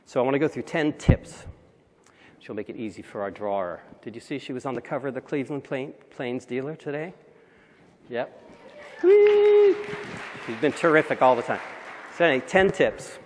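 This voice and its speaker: A man giving a conversational conference talk with wry asides, recorded in a large hall. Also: mid-range voice. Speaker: conference speaker.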